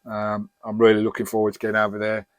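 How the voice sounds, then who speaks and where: A man's voice: fairly low pitch, completely flat delivery, quick pace, dry recording. A middle-aged man from Birmingham with an English accent, answering viewer questions in a chatty, rambling and jokey way. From Birmingham, England. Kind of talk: casual chat.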